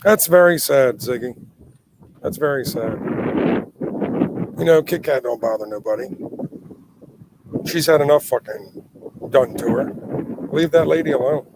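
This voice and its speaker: A man's voice: medium pitch, a little slow, long pauses, background noise. A man co-hosting a casual livestream, blunt and profane, protective of his friends. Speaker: livestream co-host.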